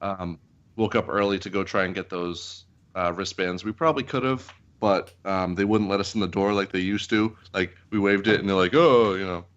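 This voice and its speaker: Male podcast co-host, low voice, hesitant, dull lo-fi audio. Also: fairly even intonation, a bit bright. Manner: halting, full of ums and uhs. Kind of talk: casual chat. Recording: dull lo-fi sound.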